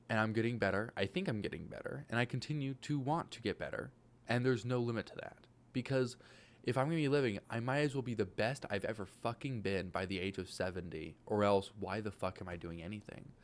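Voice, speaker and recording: A man of twenty-one giving a casual motivational rant, animated and swearing, his voice jumping into loud exclaims. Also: lowish voice, fairly quick, slight background noise. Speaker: vlogger.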